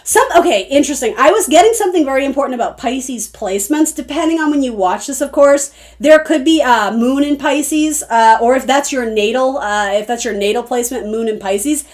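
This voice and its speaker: A fairly high-pitched young woman talks her way through a tarot reading for her viewers. Her delivery is loose and chatty, full of restarts and asides as she thinks aloud. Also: fairly quick, hardly any pauses. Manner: rambling, chatty, self-interrupting. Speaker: tarot reader. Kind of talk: casual spoken tarot reading.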